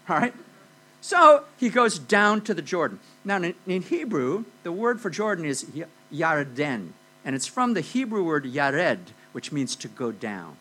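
A man delivers a sermon to a congregation, retelling a Bible story with an animated, swooping delivery. His voice is bright and a little husky. A low electrical hum sits under the recording. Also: normal speed, poor audio. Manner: animated storytelling with frequent "okay?" and "you know". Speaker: preacher.

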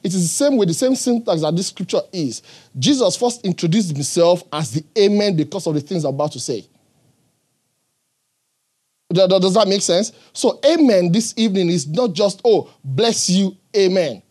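A man's voice: high-pitched, lively intonation, normal speed, darkish tone, husky. A man preaching a sermon in an earnest, emphatic way, often checking in with the congregation.

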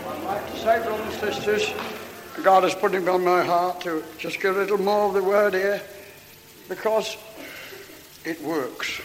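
A man preaching a revival sermon and altar call, fervent, with drawn-out exclamations and speaking in tongues, at a church meeting. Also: high-pitched, a crowd in the background. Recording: long hall reverb.

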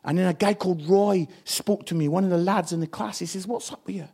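Male preacher, high gravelly voice, impassioned sermon delivery that drops to a hush then climbs loud. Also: steady tone, brisk. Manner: impassioned, swinging from hushed to loud.

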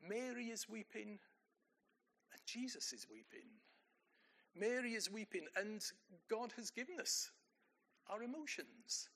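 An older male preacher with a high voice that rises and falls a great deal. He keeps the sermon conversational, asking his listeners questions and answering them himself, and his tone stays bright and ringing. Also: big pitch swings, measured pace, long pauses. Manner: conversational, asks the congregation rhetorical questions.

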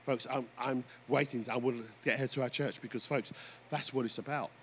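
A man preaching a sermon as pastor, telling stories with lively energy and calling out to the congregation. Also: medium pitch, fairly quick. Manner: animated storytelling preacher, often addressing "folks". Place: church. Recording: faint background noise.

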